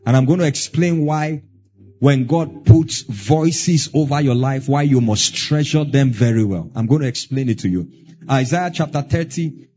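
A man's voice: mid-range voice, dark tone, highs cut off. A Nigerian man with a Nigerian accent preaching a sermon as pastor, stressing words in a rising, sing-song way.

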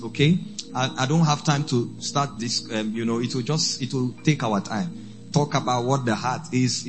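A man, a priest preaching a sermon, who slows down and repeats phrases for emphasis. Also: mid-range voice.

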